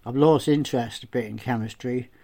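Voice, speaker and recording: A man's voice: mid-range voice, brisk, gravelly, warm tone. An earnest young man in his twenties, read by the narrator, talks in a plain, eager, conversational way. The voice stays close to the reader's own natural tone. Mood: chatty.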